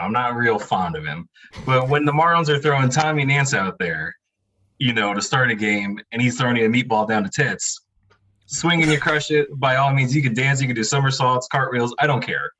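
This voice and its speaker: A man guest on a sports podcast, talking in a relaxed, wry way with lots of fillers. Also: medium pitch, normal speed, low-quality recording. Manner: laid-back, wry, rambling with many fillers. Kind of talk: casual podcast chat.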